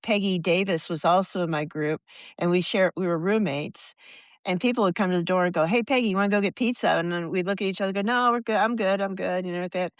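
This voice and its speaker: An American woman in her sixties, a podcast guest telling rambling, animated stories and acting out the voices of people she quotes. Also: on the low side, fast, no echo. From United States. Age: 60s. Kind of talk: casual storytelling.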